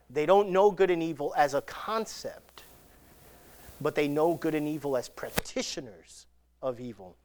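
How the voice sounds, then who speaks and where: Animated preacher telling scripture stories. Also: medium pitch. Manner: animated storytelling, acting out the scenes. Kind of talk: sermon.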